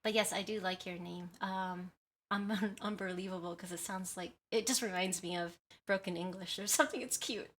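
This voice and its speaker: A bright-voiced woman from the US West Coast streams a game and chats loosely with her viewers. She giggles often and reads their messages aloud as she goes. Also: fairly low pitch, steady tone, normal speed. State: has a headache. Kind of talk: casual livestream chat.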